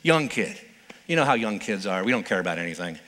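A man's voice: fairly low pitch, very animated, fast, a bit bright, in a large hall. A male pastor preaching a sermon in a playful, conversational storytelling manner.

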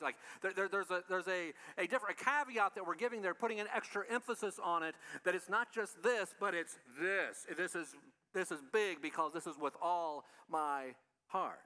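A man preaching a sermon in a relaxed, conversational way, often asking the congregation questions. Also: a little high. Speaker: pastor.

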